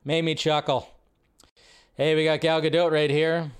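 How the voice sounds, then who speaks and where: Guy rambling on his film news stream, bit high-pitched, smooth clear voice, gets all excited then drops low. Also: normal speed. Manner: rambling, animated, jumps between high and low. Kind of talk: casual live-stream chat.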